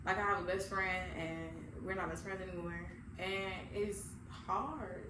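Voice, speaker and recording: A woman co-hosting a podcast in casual, candid chat, laughing often and getting loud when excited. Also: mid-range voice, moderate pace, hardly any pauses. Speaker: podcast co-host. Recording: echoey room, mic far off, noisy.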